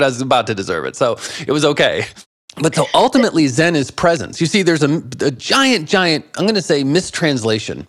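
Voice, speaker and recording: Lively storytelling man in his fifties. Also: a little high, no room sound, clean studio sound. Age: 50s. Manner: animated storytelling, laughs often. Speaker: interview guest, meditation teacher. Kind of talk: conversational interview.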